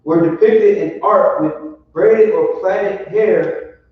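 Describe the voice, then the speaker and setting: A man reading a text aloud to a class, haltingly, with restarts. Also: sits high. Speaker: reader in class. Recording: distant, echoey, dull lo-fi.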